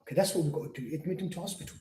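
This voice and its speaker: An earnest man teaches at an Islamic centre, repeating his points and voicing patients' words as he quotes them. His voice is fairly high and a little mellow, his delivery rapid-fire, and the room echoes.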